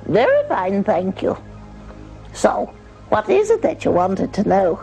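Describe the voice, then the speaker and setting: A woman's voice: mid-range voice, huge pitch swings, takes it slowly, creaky, mellow, highs cut off, soft background music, exaggerated voice. A woman channeling Leah, a serene spirit from Venus. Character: calm female spirit claiming to be from Venus. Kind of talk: channeling session.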